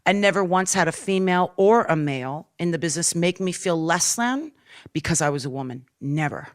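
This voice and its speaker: A woman's voice: on the low side, expressive, a little fast. A woman in her forties, a rock singer speaking openly and from the heart in an interview, with frequent fillers. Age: 40s. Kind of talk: candid interview talk.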